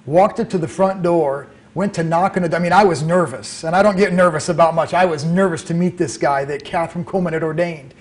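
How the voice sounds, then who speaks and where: Animated middle-aged man telling a story. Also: a little high, fast talker, hardly any pauses. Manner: animated storyteller acting out quoted dialogue. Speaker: author and guest. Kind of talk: storytelling interview.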